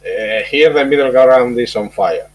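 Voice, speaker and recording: A man's voice: medium pitch, a little slow, poor audio. A man joining a livestream as a guest, making dry, wry remarks in casual chat. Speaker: returning guest.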